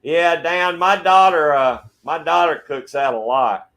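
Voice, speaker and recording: A middle-aged man from Georgia with a Southern accent, hosting a relaxed livestream and greeting viewers by name. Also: a little high, measured pace. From Georgia, USA. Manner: friendly, laid-back, greets viewers by name. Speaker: livestream host. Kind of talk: casual chat reading viewer comments. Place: backyard shed.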